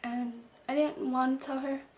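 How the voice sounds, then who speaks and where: A woman vlogger telling a personal story in a soft, low-key storytime chat. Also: little pitch movement, moderate pace. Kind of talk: casual storytime.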